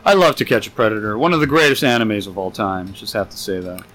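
A man's voice: fairly low pitch, lively intonation, quick pace, a bit bright, slight background noise, poor audio. A young man co-hosting a podcast, rambling crude jokes and stories in casual chat. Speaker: podcast co-host.

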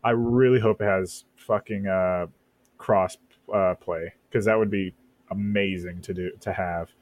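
A man's voice: sits low, fairly even intonation, unhurried, no echo. A man co-hosting a casual podcast, rambling enthusiastically about games with many fillers. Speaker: podcast co-host. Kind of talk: casual chat.

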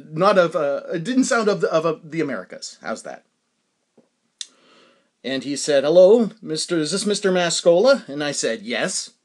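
Guy hosting his own podcast, kinda high voice, rambly, keeps cracking himself up. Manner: rambling, self-amused, laughs at his own stories. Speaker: podcast host. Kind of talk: solo storytelling podcast.

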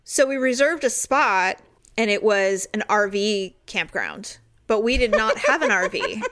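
A woman's voice: medium pitch, expressive, measured pace, fairly bright tone. A woman co-hosting a casual chat, telling a story with lots of energy and acting out the voices of the people in it. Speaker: co-host.

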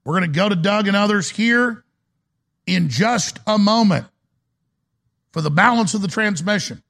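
A man hosting a live call-in talk show, ranting in a fiery, rapid-fire way. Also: sits high, expressive, fairly bright tone.

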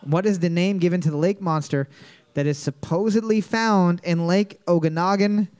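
A woman's voice: fairly low pitch, moderate pace, a little mellow, smooth. A woman hosting a casual trivia night, reading each question twice and trading crude, teasing banter with a co-host.

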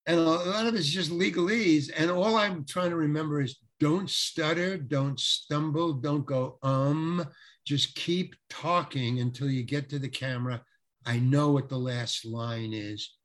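In an interview, an actor tells a lively story, repeating words and imitating the people he quotes. His voice runs on the high side, and he speaks a little slowly.

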